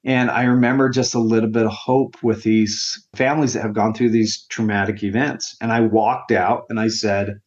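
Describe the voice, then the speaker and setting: A man's voice: fairly low pitch, flat delivery, normal speed, few pauses. Earnest man telling his story, lo-fi. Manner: earnest and heartfelt, sometimes emotional. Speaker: interview guest, grief counselor. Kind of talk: personal storytelling in an interview.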